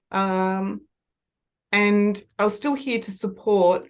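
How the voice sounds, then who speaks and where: An Australian woman working as a medium, telling rambling, animated stories in a relaxed podcast chat. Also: mid-range voice, slow.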